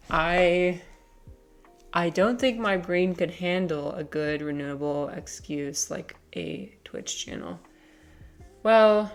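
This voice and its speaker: A low-voiced woman who is a teacher and livestreamer chats casually on her stream. She rambles and hesitates, full of fillers and restarts, and every so often coos softly to her cat.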